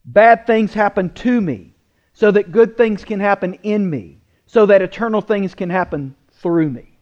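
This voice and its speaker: A man preaching a sermon, emphatic, asking rhetorical questions and slowing down to stress words. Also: high voice, darkish tone, muffled recording. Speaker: pastor.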